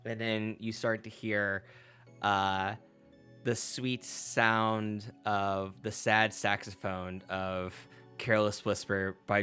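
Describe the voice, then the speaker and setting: A man's voice: fairly low pitch, pushed and bright. A man working as game master, narrating a tabletop game in a loose, chatty way full of fillers and restarts.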